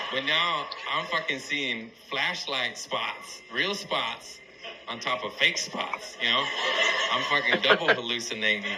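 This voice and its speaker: A man's voice: mid-range voice, a little slow, background noise. A man doing stand-up, telling a rambling, profane story and laughing through it, played as a clip on a radio show. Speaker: stand-up comedian.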